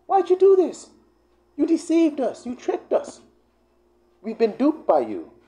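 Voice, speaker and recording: Griping, exasperated grown man, put on by a man, pitched way up, whiny and profane. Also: big pitch swings, fast, gravelly, a little mellow, exaggerated voice. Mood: pleading. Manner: whiny, profane, street-talking complaints.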